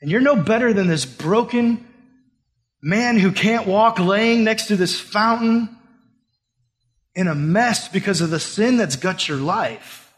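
Young male pastor, high-pitched, casual preaching style, long reverb of a hall. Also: takes it slowly. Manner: casual, conversational preaching with rhetorical questions. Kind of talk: sermon.

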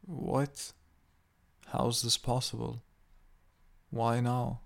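A man with a gravelly voice voicing a frightened, defensive homeowner. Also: medium pitch, level tone, drawn-out words. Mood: shocked. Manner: nervous and pleading.

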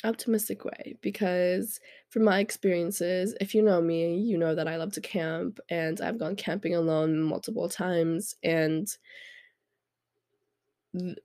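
A woman's voice: lowish voice, fairly even intonation, measured pace, mellow, no room sound, studio quality. A young woman with a congested, stuffy voice, hosting a podcast and telling a story in a chatty way, often restarting her sentences. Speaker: podcast host. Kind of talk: casual storytelling monologue.

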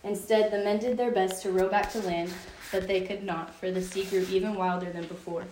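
A woman's voice: medium pitch, flat delivery, fairly quick, dark tone, slight background noise. Young woman, youth Bible study leader, casual and chatty, many "like"s; distant mic in an echoey room. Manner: chatty, filler-heavy storytelling with frequent "like". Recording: roomy echo from a distance.

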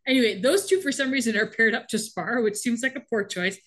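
A woman's voice: on the high side, fast talker, a bit bright. Chatty woman retelling a story. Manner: chatty storytelling, acts out quotes with laughs. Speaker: podcast co-host recapping a TV episode. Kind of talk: casual chat.

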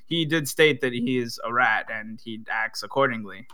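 A man co-hosting a casual movie chat, retelling scenes in a chatty, animated way. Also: medium pitch, moderate pace, clear, resonant tone. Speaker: podcast co-host.

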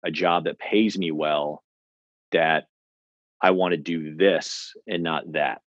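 A male podcast host with a very deep voice responds to his guest in a reflective, encouraging way and repeats "you know" often. The sound is dull and slightly muffled. It is also dry and close. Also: fairly even intonation, slow pace, no echo. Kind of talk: conversational interview.

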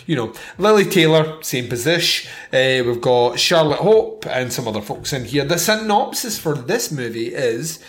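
A man's voice: medium pitch, lively intonation, normal speed, few pauses. A man hosting a casual film-review podcast, blunt and wry, swearing freely as he picks apart a movie. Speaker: podcast host reviewing films.

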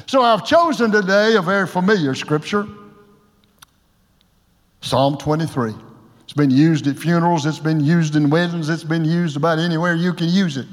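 An older man preaching a sermon as pastor, folksy and joking, with sudden loud shouts. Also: fairly high pitch, long reverb tail. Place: church sanctuary.

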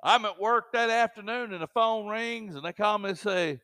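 A man preaching with a slightly raised voice, slipping into homely stories. He moves between loud and hushed passages in a dry, close sound. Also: high-pitched, moderate pace, clean tone, no echo. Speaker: pastor. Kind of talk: sermon.

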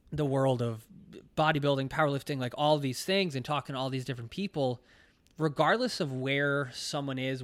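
A man's voice: medium pitch, no echo. A man hosting a casual podcast interview, getting worked up and swearing freely as he talks. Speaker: podcast host.

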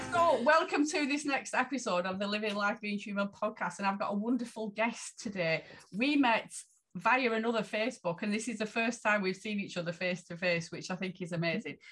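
A woman with a Lancashire accent hosts a podcast interview. She is chatty and enthusiastic, and her voice sits at a middle pitch. She talks over a video call. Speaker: podcast host. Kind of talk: casual interview chat.

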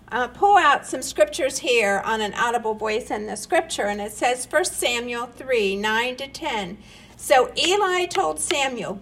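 A woman's voice: high voice, fairly bright tone, rough recording. A woman preaching a sermon, earnest and rising into emphatic questions.

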